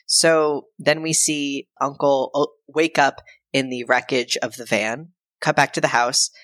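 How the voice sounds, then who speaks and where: A woman with a notably low voice retells a movie plot for a podcast, loose and irreverent, slipping into quick voices for the characters. The sound is close and dry, with no room around it. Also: no echo. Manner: animated, acts out characters' lines in quick put-on voices; loose and irreverent, with frequent fillers and profanity. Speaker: podcast co-host. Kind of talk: casual film recap.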